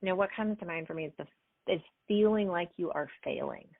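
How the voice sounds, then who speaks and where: A middle-aged woman coaching athletes, answering interview questions in an animated way, acting out little bits of dialogue. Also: fairly low pitch, fast talker, vocal fry, dry recording. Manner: animated, acts out quoted dialogue with fillers. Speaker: performance coach, guest. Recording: tinny phone-like line, dry.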